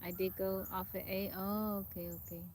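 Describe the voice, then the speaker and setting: Streaming live from the woods, a chatty woman greets viewers by name and reads their comments out. She talks fairly quickly in a medium, slightly mellow voice with little pitch movement, over slight background noise.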